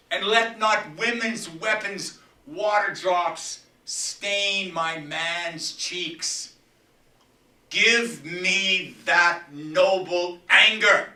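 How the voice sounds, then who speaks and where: A man performing a grief-stricken, proud old king, declaiming slowly and loudly with bursts of whispered fury in a dramatic Shakespeare recitation. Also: high voice, voice pushed up, heavily acted. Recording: echoey room from far off.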